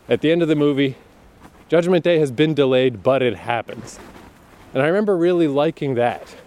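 A man's voice: medium pitch, a little mellow, a little hiss or hum. A man giving a blunt, profane, casual monologue of movie opinions. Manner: profane, blunt, exasperated ranting. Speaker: movie commentator.

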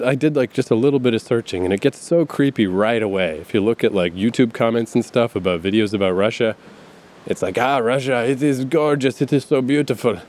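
Profane, rambling man with a middle-pitched voice. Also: darkish tone. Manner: profane, laughs often, many fillers and asides. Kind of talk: casual rambling monologue.

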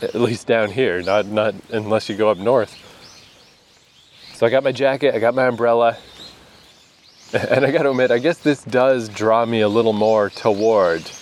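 A man's voice: lowish voice, a little slow, slight background noise. A Canadian man talking casually to his camera outdoors in the rain, laughing often and swearing now and then. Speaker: vlogger. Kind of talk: casual vlog monologue.

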